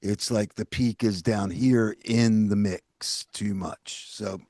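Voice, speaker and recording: A man's voice: lowish voice, steady tone, slow pace, darkish tone, no room sound. A man co-hosting a podcast, giving blunt, emphatic opinions in casual chat. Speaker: podcast co-host.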